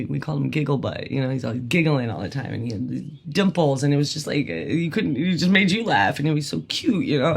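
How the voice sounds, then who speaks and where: A woman's voice: sits low, vocal fry, breathy edge. A woman hosting a podcast, telling candid personal stories in a rambling way, laughing often and swearing casually. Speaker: podcast host.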